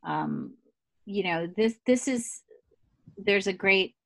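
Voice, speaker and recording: A woman's voice: mid-range voice, takes it slowly, no echo. Woman host, easy interviewing manner, drops in you-knows, dry mic. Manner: warm, affirming questioner with fillers. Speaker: podcast host. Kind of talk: conversational interview.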